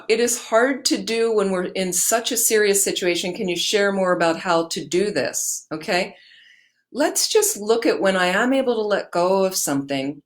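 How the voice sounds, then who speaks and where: A woman teaching Buddhist meditation who answers questions gently and encouragingly and repeats key phrases for emphasis. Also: lowish voice.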